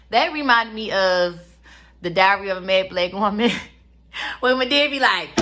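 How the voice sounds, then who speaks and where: Woman, 30s, casual show reviewer; bright, chatty, rambling delivery. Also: medium pitch, lively intonation, unhurried, long pauses. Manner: chatty, rambling with many fillers. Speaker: reality TV reviewer. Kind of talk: casual commentary.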